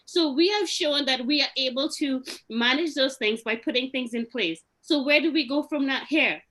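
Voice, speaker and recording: A woman's voice: high voice, normal speed, fairly bright tone. A woman, a small business owner speaking up at a meeting, frustrated and pleading, with many restarts. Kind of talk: emotional meeting remarks.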